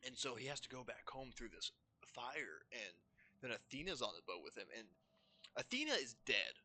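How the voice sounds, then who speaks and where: A man's voice: medium pitch, sing-song, moderate pace, pushed and bright. A man commentating a gameplay playthrough, rambling enthusiastically about the story. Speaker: gameplay streamer. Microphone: streaming microphone.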